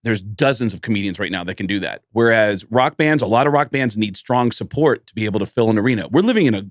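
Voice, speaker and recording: A middle-aged man, a comedian co-hosting a podcast, chatting casually and telling stories with lively put-on voices. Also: quick pace, no echo, clean studio sound. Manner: animated, jumps into high quoted voices when retelling stories. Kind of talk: casual chat, storytelling.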